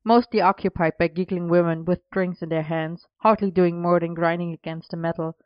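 A woman reading a story aloud in a steady, even way. Her voice is lowish, smooth and clear, recorded close and dry with a slightly dull, lo-fi sound. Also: a little fast, no room sound. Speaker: narrator.

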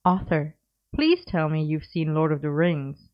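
A woman voicing a cheeky, excitable young male wizard who talks in a bright, insistent, playfully bossy way. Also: sits low, measured pace. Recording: dull lo-fi recording.

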